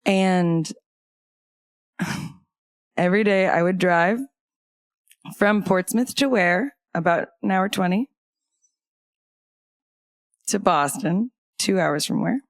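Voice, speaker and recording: A woman's voice: lowish voice, slow, long pauses, no room sound. A woman guest on a podcast telling a personal story of loss in casual conversation, candid, with wry humor breaking through the grief.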